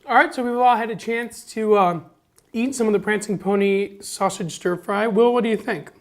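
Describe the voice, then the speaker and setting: An upbeat woman hosts a casual cooking demonstration. She talks the viewer through the recipe step by step in a relaxed, chatty way. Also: mid-range voice, normal speed. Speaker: cooking show host.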